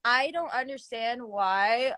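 A woman's voice: a little high, lively intonation, takes it slowly, bright, forceful tone, no room sound. Young woman, casual interviewee, slangy and filler-heavy, dry recording. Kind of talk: casual chat.

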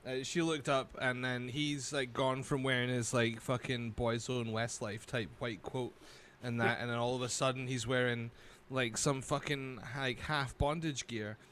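A man's voice: mid-range voice, fairly even intonation, unhurried, hardly any pauses, fairly bright tone, a little hiss or hum. A man, a podcast co-host telling stories in casual chat, laughing often and swearing freely.

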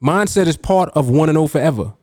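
A man's voice: on the high side, lively intonation, fast, darkish tone, no echo, studio quality. A man hosting a podcast as a trading coach, talking casually and emphatically, reading out chat comments and laughing often.

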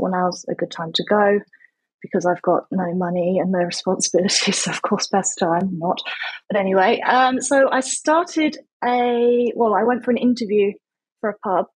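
A woman's voice: mid-range voice, darkish tone, husky, dry recording, low-quality recording. A woman in her thirties with an English accent, telling a story in a chatty, self-mocking way as a podcast guest. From England. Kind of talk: casual interview chat.

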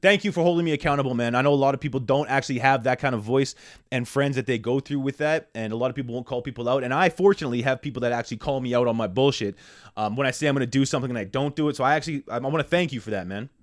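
Fast-talking, profane podcast host. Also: male voice, medium pitch, no echo, clean studio sound. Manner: rambling, profane, full of fillers. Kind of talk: casual podcast monologue.

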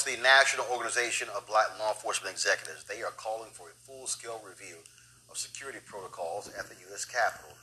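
A man's voice: deep voice, bright, forceful tone, slight background noise, poor audio. A man hosting a news talk show, interviewing guests with emphatic, exclamatory questions.

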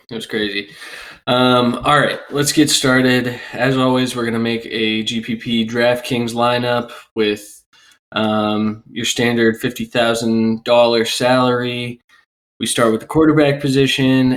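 A man in his twenties with a cold, co-hosting a casual sports podcast in a rough, sick voice, rambling and laughing easily. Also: medium pitch. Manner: relaxed, rambling with fillers and laughs. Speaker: podcast co-host.

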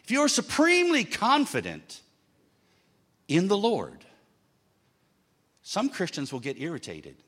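Brief: male preacher, fairly high voice, emphatic sermon with jokes. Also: wildly swooping pitch, a little slow, pauses often, fairly bright tone. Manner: emphatic, with humorous asides.

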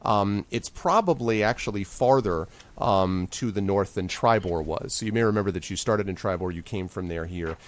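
A man's voice: on the low side, normal speed, few pauses. A man narrating as game master in a rambling way with many fillers.

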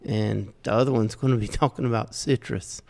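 A man's voice: fairly low pitch, steady tone, fairly quick, creaky, a little mellow. A middle-aged man from Southeast Georgia with a Southern accent, telling folksy, self-deprecating stories in casual talk and chuckling often. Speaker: podcast guest. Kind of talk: casual storytelling. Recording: roomy with long reverb.

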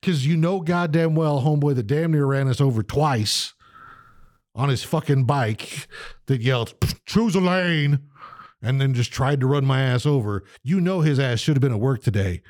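A man's voice: medium pitch, moderate pace, darkish tone, dry recording, studio quality. A man co-hosting a podcast in a profane casual chat, ranting, swearing constantly and mimicking people. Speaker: podcast co-host.

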